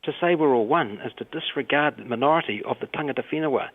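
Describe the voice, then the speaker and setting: A New Zealand man with a New Zealand accent speaks with open passion and emotion. His voice sits at an ordinary middle pitch. It reaches the listener squeezed through a narrow, tinny telephone line. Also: fast talker, slightly rough. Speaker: mayor. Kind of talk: radio interview over the phone.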